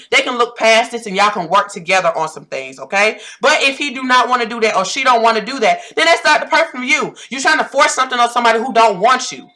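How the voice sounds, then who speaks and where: A woman's voice: on the high side, pushed and bright. A woman in her thirties with a Southern US accent, giving a blunt, preachy pep talk as a life coach and repeating phrases for emphasis. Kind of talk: direct-to-camera pep talk.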